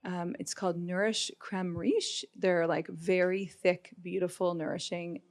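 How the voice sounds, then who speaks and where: A woman's voice: on the low side, fairly even intonation, measured pace. A woman in her late forties, a guest on a live podcast panel, chatting eagerly through her favorite products in front of an audience. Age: 40s. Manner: chatty, enthusiastic product rundown. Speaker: jewelry brand founder, guest. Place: busy pop-up shop before a live audience.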